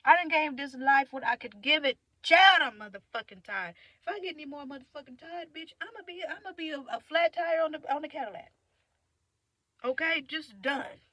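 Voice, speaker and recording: A young woman venting in a candid, profane monologue, swinging from loud outbursts to low mutters. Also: fairly quick, no room sound. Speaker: vlogger.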